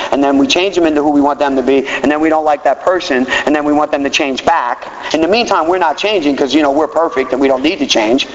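A man in his fifties giving an animated, self-mocking personal talk as a recovery speaker. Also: medium pitch. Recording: distant hall, dull and noisy.

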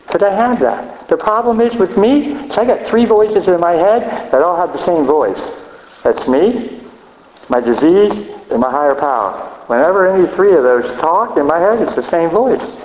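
A man's voice: on the high side, darkish tone, slight background noise. A middle-aged man giving a blunt, profane, self-mocking personal recovery share at a meeting. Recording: echoey hall, dull lo-fi sound.

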